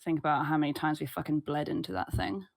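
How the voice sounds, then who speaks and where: A woman's voice: deep voice, steady tone, fast, vocal fry, no room sound, clean studio sound. A woman playing a spiteful young runaway sister in a tabletop game, blunt and petty and swearing freely.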